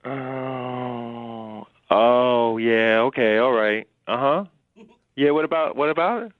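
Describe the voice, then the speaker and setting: A man's voice: mid-range voice, unhurried, smooth, dry recording. A man just woken up by a radio call, answering groggily and hesitantly. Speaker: person called on air. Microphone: phone. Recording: tinny phone line.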